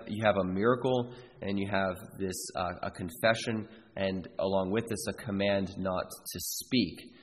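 A man's voice: fairly low pitch, long reverb tail, a little hiss or hum, rough recording. A man preaching a sermon as a pastor, earnest and emphatic, repeating key phrases for weight. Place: church sanctuary.

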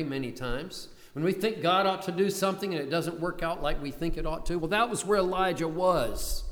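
An older man delivers a sermon in a storytelling manner, his voice sitting a little high for a man. He presses hard on the key lines. A long reverb trails after him, as in a large hall. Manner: storytelling, rising to urgent emphasis in quoted pleas. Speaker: preacher.

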